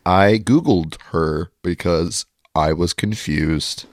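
A man co-hosting a casual film discussion podcast, relaxed and joking. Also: deep voice, slow, no room sound, clean studio sound. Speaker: podcast co-host.

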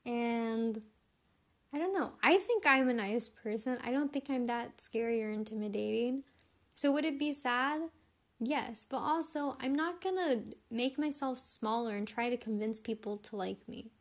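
A woman's voice: on the high side, lively intonation, a little slow. Chatty young woman, rambling podcast talk. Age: young adult. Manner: chatty, rambling, self-questioning; laughs often while talking. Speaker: podcast host. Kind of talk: casual solo podcast chat.

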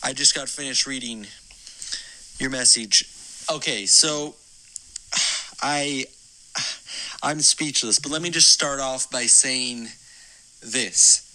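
A man's voice: mid-range voice, takes it slowly, long pauses, bright, forceful tone, low-quality recording. A man giving advice on a podcast call-in segment, emphatic and earnest with some stumbles.

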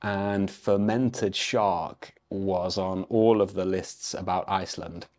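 A man's voice: low-pitched, steady tone, slow pace, a little mellow. A man teaching English by telling a travel story in a conversational way, read like a diary.

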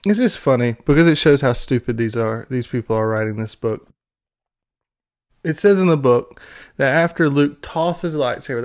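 A man rants with biting sarcasm and exasperation, his voice sitting in an ordinary middle pitch. He stumbles and restarts, repeating words as he builds toward mockery. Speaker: film commentary vlogger. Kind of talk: ranting commentary.

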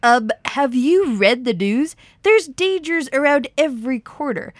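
A woman's voice: high voice, animated, measured pace, no echo, clean studio sound. A woman playing an anxious, sarcastic hypochondriac health reporter in a comedy radio sketch. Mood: fretful. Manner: fretful, sarcastic worrying.

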